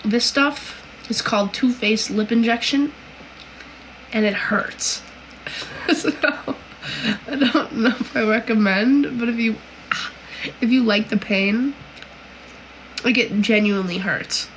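A woman from Canada chats on a livestream in a fairly high voice, taking her time over each comment. She giggles and fills her answers with "like" and "um," and faint noise sits under her voice. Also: slow, pauses often, rough recording. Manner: chatty and giggly, reads comments aloud and answers with many "like"s and "um"s. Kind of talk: casual livestream chat.

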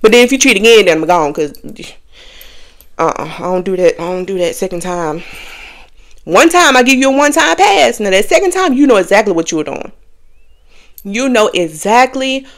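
This podcast host is a young woman having a casual, confessional chat with her viewers, often laughing as she speaks candidly. Her medium-pitched voice is very animated and runs a little fast.

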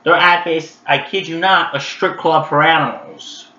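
A man reviewing an old animated holiday special in a casual vlog, chatty and animated with lots of fillers, talking straight to his viewers. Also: on the high side, measured pace. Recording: roomy, dull lo-fi sound.

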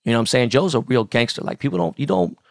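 A middle-aged man co-hosting a podcast, swearing freely and jumping into animated stories. His voice sits at an ordinary pitch, and the room sound is close and dry. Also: fast, no room sound. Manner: profane, animated storytelling. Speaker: podcast co-host. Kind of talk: casual podcast chat.

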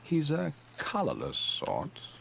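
A man's voice: a little high, huge pitch swings, slow pace, gravelly, noisy background, heavily acted. An actor playing a sardonic, mysterious male merchant in a video game, with a dry, mocking, knowing delivery. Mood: wry.

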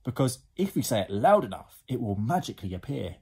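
A cheeky, bossy young boy, as a man plays him, in a somewhat raised, lively voice. He sounds sure of himself, in a children's storybook read aloud. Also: medium pitch, a little fast, husky, voice pushed up.

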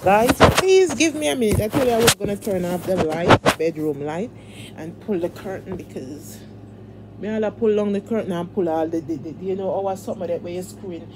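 A woman's voice: lowish voice, fairly quick, noisy background. A woman hosting a casual livestream, talking in a fervent, repetitive, preacher-like way and pleading with her viewers. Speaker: livestream host.

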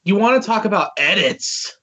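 Co-hosting a podcast, a man with a voice that sits high talks at a moderate pace, with a little hiss or hum in the audio. He recaps a cartoon episode casually, animated and joking, swearing as he goes.

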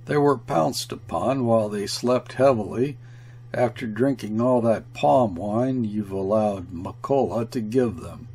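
A man voicing Carlier, a blunt, cynical male colonial trader who speaks gruffly and forcefully. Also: lowish voice, a little slow.

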